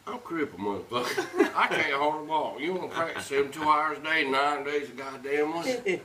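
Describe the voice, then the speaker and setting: A man impersonating a worn-out male bandmate, grumbling low about rehearsals. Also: lively intonation, moderate pace, a crowd in the background, lightly acted.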